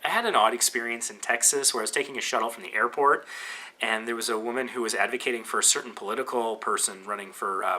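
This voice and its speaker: A man's voice: lowish voice, bright, forceful tone, breathy edge. A Canadian man hosting a podcast, talking casually and rambling with fillers and restarts. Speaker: podcast host.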